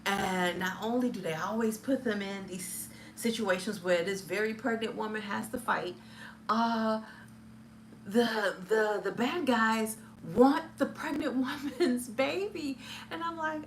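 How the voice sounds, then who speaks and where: Chatty woman with a high voice, full of ums. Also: measured pace, slight background noise. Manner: chatty, hesitant, many fillers, laughs often. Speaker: film reviewer. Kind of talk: casual live chat review.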